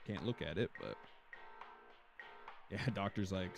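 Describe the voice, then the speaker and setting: A man's voice: extremely low pitch, big pitch swings, moderate pace, creaky, pauses often, over music. A man streaming a game, joking and rambling and slipping into silly voices. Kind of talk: casual gaming livestream.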